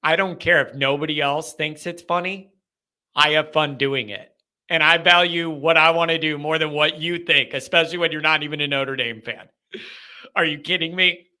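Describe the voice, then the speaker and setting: A man hosting a live call-in chat, talking in an animated, joking, ranting way. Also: a little high, normal speed. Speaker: host.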